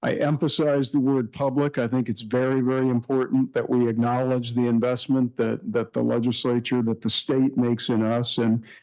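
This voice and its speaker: Middle-aged male university president, earnest welcome address, halting with fillers. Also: mid-range voice, level tone, darkish tone, low-quality recording. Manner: earnest, repetitive emphasis with many fillers. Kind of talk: welcome speech at a summit.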